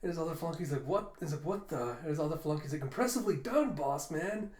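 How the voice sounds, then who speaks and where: A man recaps a comic chapter in a relaxed reaction video and reads the dialogue aloud in a fairly high voice. He keeps cracking up as he goes. The room around him is echoey. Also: fast talker. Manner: retells the story, breaking into laughter. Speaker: manga reviewer. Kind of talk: casual reaction recap reading lines aloud.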